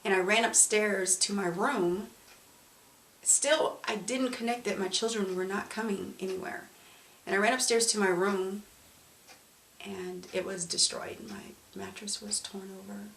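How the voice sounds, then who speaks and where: A woman's voice: medium pitch, steady tone, unhurried, gravelly, a bit bright. Emotional woman telling a personal story. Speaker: survivor telling her story. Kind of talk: candid personal testimony. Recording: roomy, distant mic, faint noise.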